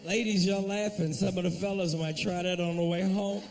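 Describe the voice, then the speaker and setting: A man doing a profane, animated stand-up routine, talking straight to the crowd at a comedy club. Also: sits high, moderate pace, gravelly, distant mic, faint music behind.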